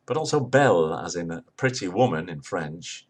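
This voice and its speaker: An older Englishman with a deep voice explains wordplay in a measured lecture. His tone is husky and a little rough, and he slips into little voices for the jokes he retells, then drops back to a dry explanatory manner. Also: animated. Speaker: lecturer on humour. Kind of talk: spoken lecture.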